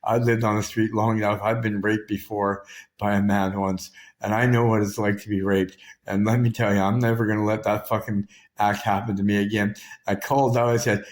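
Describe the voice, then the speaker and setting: A Canadian vlogger with a lowish voice tells his own story straight to the camera, a little fast and with flat delivery. His personal storytelling is raw and profane, carrying heavy emotion.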